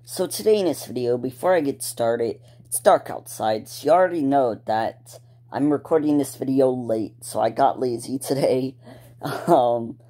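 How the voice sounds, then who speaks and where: A male YouTuber chats casually to camera for his viewers, rambling with plenty of ums, restarts and laid-back slang. His voice sits at medium pitch, mellow, at a normal speed.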